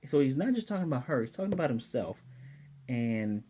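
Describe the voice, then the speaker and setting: A man's voice: medium pitch, very animated, brisk, warm tone, a little hiss or hum. A man casually recapping an anime episode in a loose, chatty way, stopping now and then to find his place. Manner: loose, chatty retelling with fillers. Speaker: anime reviewer.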